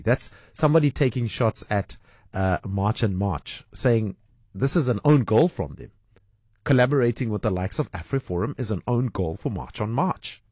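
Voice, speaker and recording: A man's voice: mid-range voice, darkish tone, dry recording, clean studio sound. A man hosting a breakfast radio call-in show, chatting and reading out listener messages with plenty of ums and uhs. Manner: chatty, reads out listener messages with many fillers.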